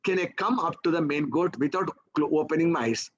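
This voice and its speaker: A man with an Indian English accent leads a live teaching session, his voice sitting noticeably high. He talks the class through exercises with a stream of rhetorical questions, tagging lines with "okay?" and "right?" to keep them with him. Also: brisk, dull audio, slight background noise. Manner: coaxing, peppers talk with "okay?" and "right?". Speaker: memory trainer.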